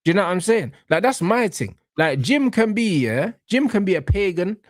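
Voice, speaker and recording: A man's voice: sits high, sing-song, moderate pace, no echo, clean studio sound. A man, hosting a casual football podcast and ranting in slang, swearing often. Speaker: podcast host.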